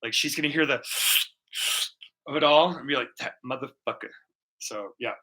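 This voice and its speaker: A man's voice: fairly high pitch, moderate pace, pushed and bright. A man hosting a painting livestream, rambling in casual, profane, jokey chat with his viewers. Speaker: livestream art host. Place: home studio.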